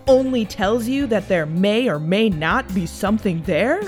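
A woman's voice: mid-range voice, lively intonation, measured pace, a little mellow, soft background music. A woman co-hosting a tabletop gaming podcast with dry, teasing humor in casual banter. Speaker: podcast co-host.

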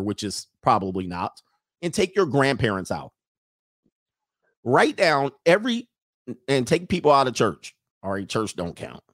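A man's voice: medium pitch, dry recording, studio quality. A man hosting a casual livestream, joking and rambling as he reads out donations. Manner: joking, rambling, breaks into laughter. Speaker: livestream show host.

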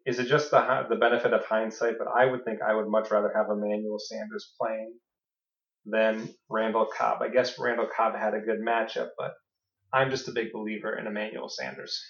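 A man co-hosting a podcast, chatting casually about fantasy football with dry, deadpan teasing. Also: lowish voice, a little fast. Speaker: podcast co-host. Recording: echoey room, dull lo-fi sound.

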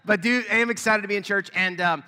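A man's voice: high voice, quick pace, sharp tone, clear, resonant tone, in a large hall. A man in his thirties, a pastor giving a casual, joking welcome and announcements to his church. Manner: friendly, joking, chatty with fillers. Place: church sanctuary.

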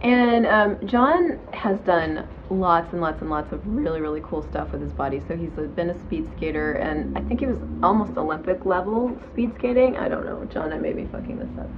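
A woman's voice: fairly low pitch, normal speed, few pauses, dull audio, noisy background. A woman hosting her own show, giving casual self-help talk from home in bed in a frank, chatty way with casual swearing. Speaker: podcast host.

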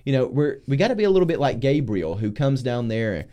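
A pastor talking through scripture in a casual discussion, acting out biblical figures with loud, slow emphasis. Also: male voice, mid-range voice. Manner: animated, acts out voices of biblical figures loudly and slowly. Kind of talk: preaching in a casual group discussion.

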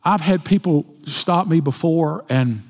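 A man's voice: a little high, a little slow, darkish tone. A man preaching a sermon in a folksy storytelling way, with jokes. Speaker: pastor. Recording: long hall reverb.

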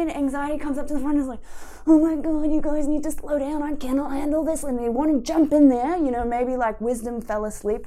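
A woman giving an emotional-wellness talk, telling lively, playful stories. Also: fairly high pitch.

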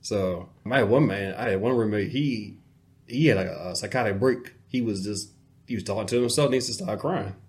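A man's voice: lowish voice, normal speed. A man co-hosting a podcast, telling stories in casual chat and acting out the people he quotes. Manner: animated storyteller, quotes people in acted voices. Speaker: podcast co-host.

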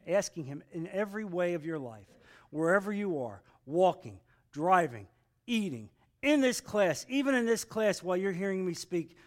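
A man teaching a Bible class in an earnest sermon style, repeating phrases and calling for amens. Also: high-pitched.

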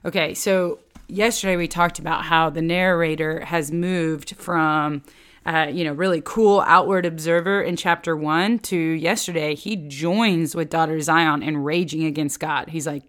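A woman with a lowish voice teaches the Bible in a relaxed podcast chat. She talks loosely and fills her speech with "like". She animates her points by acting out voices when she quotes. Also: a little slow, clear, resonant tone. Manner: chatty, with many filler "like"s.

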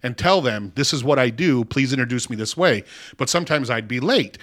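A man's voice: medium pitch, a little fast. A middle-aged man, a comedian, telling stories animatedly in a casual podcast chat, swearing freely. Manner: animated storyteller, profane. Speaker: comedian guest.

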